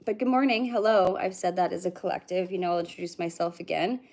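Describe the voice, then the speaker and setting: A woman's voice: on the low side, steady tone, fast, a little mellow. A woman who is a psychic medium, chatting casually with livestream viewers. She greets them by name and hums and mutters to herself between readings.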